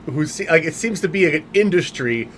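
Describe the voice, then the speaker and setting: A man's voice: on the high side, expressive, brisk, fairly bright tone, slight background noise. A man hosting a game company livestream, chatting casually with many fillers and restarts.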